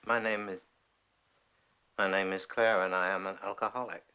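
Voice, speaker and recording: An actor playing a mild, weary middle-aged husband who speaks in a subdued, flat way. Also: male voice, low voice, moderate pace, clean tone, rough recording. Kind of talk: stage play performance.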